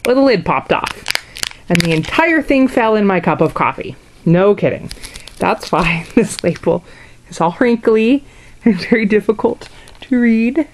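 A woman's voice: mid-range voice, lively intonation, unhurried, slight background noise, low-quality recording. A young woman chatting casually in a haul video, gushing and reacting as she sniffs and shows each item. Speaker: vlogger showing a wax haul.

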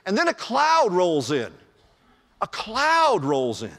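Animated preacher guy, high voice swinging all over, chuckles a lot, big hall echo. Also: unhurried. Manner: animated storytelling, chuckling often. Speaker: pastor. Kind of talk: sermon. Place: church sanctuary. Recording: long church reverb.

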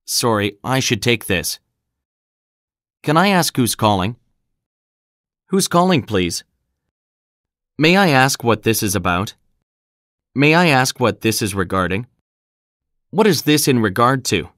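A man reads practice sentences aloud at an unhurried, measured pace. His voice sits at a middle pitch. The recording is dry and close, made in a studio. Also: big pitch swings, fairly bright tone, no room sound. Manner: clear, deliberate delivery of example sentences. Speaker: English phrase reader. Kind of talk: scripted recorded phrase reading.

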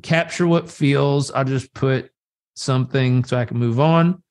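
A man as a guest on a live video chat, talking about coaching in a lively, storytelling way and acting out voices in his quotes. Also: mid-range voice, measured pace. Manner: animated storyteller who acts out voices in quotes. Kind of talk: conversational coaching talk. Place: live social media video conversation.

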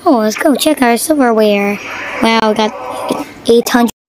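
A woman chatting casually over her gameplay, excitable and quick to gasp and yelp at what happens on screen. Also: a little high, a little hiss or hum, rough recording. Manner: excitable, yelps and gasps at the game. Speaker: mobile game player.

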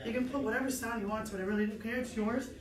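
A woman's voice: on the high side, fairly even intonation, rapid-fire, roomy sound, crowd noise. Upbeat woman teaching step, counting beats. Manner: upbeat and encouraging, counts aloud. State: a little out of breath. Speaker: step dance instructor. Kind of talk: online dance lesson, counting out beats. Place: dance studio.

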